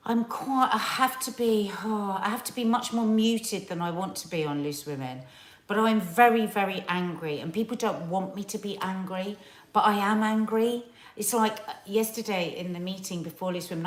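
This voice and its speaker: A middle-aged woman co-hosting a casual chat, talking in an impassioned, emphatic way and repeating words for stress. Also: mid-range voice. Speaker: co-host of a family talk channel. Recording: roomy echo.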